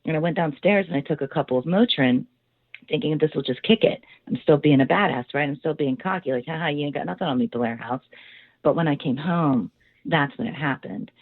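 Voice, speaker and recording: Low-voiced woman, rambling storyteller, dry tinny phone audio. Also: brisk, no room sound. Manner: rambling and animated, with many fillers. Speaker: owner of a haunted house, interview guest. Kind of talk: casual storytelling.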